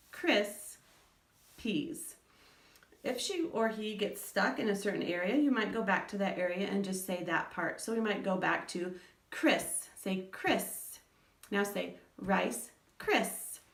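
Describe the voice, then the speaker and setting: A woman with school-age children calmly explains speech strategies to parents, sounding out words syllable by syllable. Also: medium pitch, echoey room, recorded from a distance. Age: adult parent of school-age children. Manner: patient, explains step by step, sounds words out slowly. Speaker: educator giving parenting advice. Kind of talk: instructional talk to parents.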